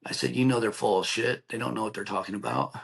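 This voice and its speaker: A middle-aged man with a somewhat low voice recounts a painful memory as a podcast guest. He talks in an earnest, plainspoken way and slips into the voices of the people he quotes. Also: fairly even intonation, quick pace, creaky, fairly bright tone, breathy edge. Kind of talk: emotional personal storytelling.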